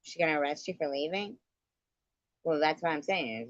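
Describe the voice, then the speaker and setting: Woman stream host, unhurried, salty and laughing; dry close sound, muffled lo-fi stream quality. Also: low voice, lively intonation, no room sound. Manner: blunt, profane, laughs often. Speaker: livestream host. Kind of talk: casual live-stream chat. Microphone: computer mic on live stream. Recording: dull lo-fi stream audio.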